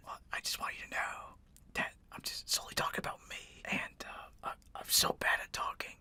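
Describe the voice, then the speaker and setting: A man's voice: brisk, sharp tone. A young man co-hosting a podcast in whispered ASMR chat, rambling and self-deprecating, laughing often. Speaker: podcast co-host.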